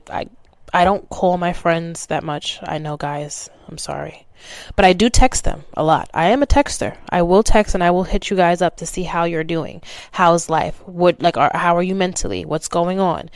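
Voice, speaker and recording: Woman, young adult, casual monologue, smooth clear tone. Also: lowish voice, no echo. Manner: candid, animated, talks straight to the listener. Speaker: podcast host.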